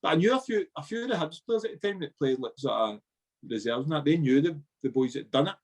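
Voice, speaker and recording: Animated Scottish man telling a story. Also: on the high side, quick pace, poor audio. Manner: animated anecdote-telling, sweary, acts out dialogue. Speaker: podcast guest, former footballer. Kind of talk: casual storytelling chat.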